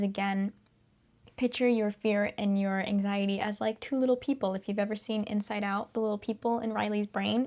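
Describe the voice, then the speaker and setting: A woman's voice: mid-range voice, darkish tone. A young woman hosting a casual self-help talk, chatty and upbeat, laughing often and sometimes dropping to a whisper. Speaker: podcast host.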